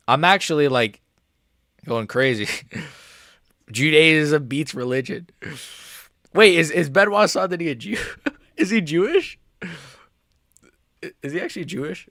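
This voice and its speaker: Dude reacting to a fight live, rambly and swearing, dry close sound. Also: male voice, fairly high pitch, lively intonation, slow, pauses often, fairly bright tone, no room sound. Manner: casual, profane, rambling. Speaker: live stream host.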